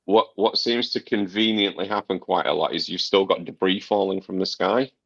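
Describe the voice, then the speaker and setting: Deep gravelly man on a podcast. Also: fairly even intonation, normal speed, a bit bright, no room sound, dull audio. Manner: long rambling explanations, swears casually. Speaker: podcast co-host reviewing a game. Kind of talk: casual podcast chat.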